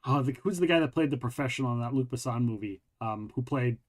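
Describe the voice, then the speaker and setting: A man's voice: mid-range voice, quick pace. A man hosting a casual podcast, reading articles aloud and joking around, swearing freely. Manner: rambling, jokey, swears freely. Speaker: podcast host.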